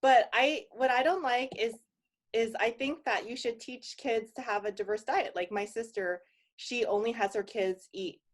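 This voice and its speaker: A woman comedian from Louisiana chatting on a podcast, animated and often laughing. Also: on the high side, normal speed. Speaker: comedian guest. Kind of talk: casual comedic chat.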